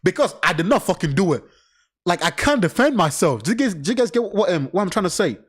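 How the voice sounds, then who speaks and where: A man with a somewhat high voice doing casual reaction commentary on a crime case. He reads passages aloud, then breaks off into blunt, profanity-laden remarks. His talk is loose, animated and unscripted. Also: fast talker, slightly rough. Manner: blunt, swears often, animated side remarks.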